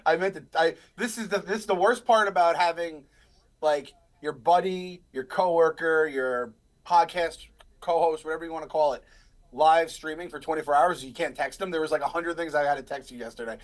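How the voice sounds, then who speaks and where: A man's voice: a little high, quick pace. A man in his thirties, a podcast co-host, rambling through casual live stream chat and stories. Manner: rambling, animated storyteller.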